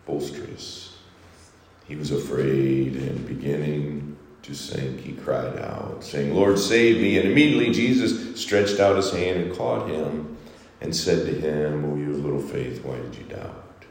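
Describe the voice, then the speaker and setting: A man preaching a Sunday sermon as pastor, swinging from soaring exhortations to hushed, quiet lines. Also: a bass voice, lively intonation, unhurried, creaky. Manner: preaching with sweeping rises and hushed drops. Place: church sanctuary. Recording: echoey reverberant hall.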